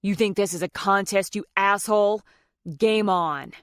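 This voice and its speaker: Una narradora haciendo de un joven desesperado y colérico. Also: female voice, medium pitch, unhurried, smooth, dry recording, studio quality, close to an everyday voice. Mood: angry. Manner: pleading then furious outbursts. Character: desperate, hot-tempered young man in love.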